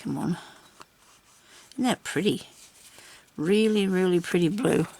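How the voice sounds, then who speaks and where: This is a crafter, an older woman, seated at a table at home and absorbed in cutting and inking for her journal video. Her voice is fairly low and a bit dark, and she talks a little slowly, chatting to herself casually and laughing a lot.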